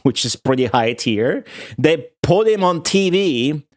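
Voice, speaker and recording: A man's voice: a little high, lively intonation, unhurried, a little mellow. A young man, telling a long, profane story to his stream viewers in a rambling, laughing way. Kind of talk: casual rant to stream viewers.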